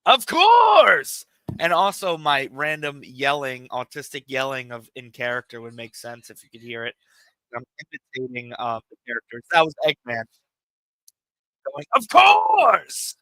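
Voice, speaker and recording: A man's voice: medium pitch, fairly even intonation, brisk, sharp tone, clean tone, no room sound, low-quality recording. A man streaming a game and chatting casually, rambling and swearing in a laid-back way on a cheap home mic. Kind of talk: casual stream chat while gaming. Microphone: cheap home microphone.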